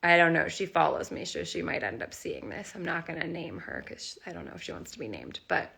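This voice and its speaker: A woman's voice: sits low, big pitch swings, brisk, creaky, bright, forceful tone, husky. A young woman in a casual live stream, close to tears, telling a story emotionally and rambling, with lots of "like", into a phone mic. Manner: emotional, rambling, heavy use of "like". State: near tears. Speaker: animal rescuer and channel host.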